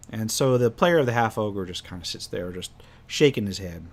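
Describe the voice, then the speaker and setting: A man's voice: on the low side, expressive, moderate pace. A man recounting a tabletop game he ran as game master, rambling with many restarts. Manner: rambling, self-correcting, lots of restarts. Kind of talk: casual storytelling about a tabletop game.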